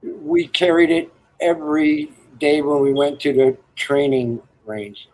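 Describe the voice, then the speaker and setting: A man's voice: on the high side, level tone, measured pace, darkish tone, poor audio. A man telling rambling, crude military stories and jokes in casual chat, laughing at his own lines. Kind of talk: casual storytelling on a live stream.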